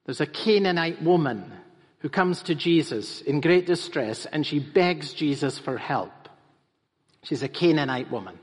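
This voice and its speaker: Male pastor, sermon, emphatic repetition, lively swinging pitch, echoing church hall. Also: measured pace. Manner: emphatic, repeating phrases for stress. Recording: reverberant hall.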